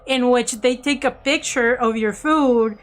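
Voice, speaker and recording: A woman vlogger casually telling an animated story and laughing often. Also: a little high, a little slow.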